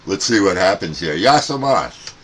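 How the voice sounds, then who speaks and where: A man from the United States, chatty and loud when calling out, as a CB radio operator testing a radio. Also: deep voice, normal speed, background noise. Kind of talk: radio contact chat.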